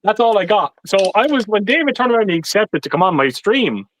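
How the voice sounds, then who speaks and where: High-voiced, sweary man hosting. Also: very animated, brisk, fairly bright tone, slight background noise, rough recording. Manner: swears constantly, laughs a lot, stammers on restarts. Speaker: livestream host. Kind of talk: casual chat.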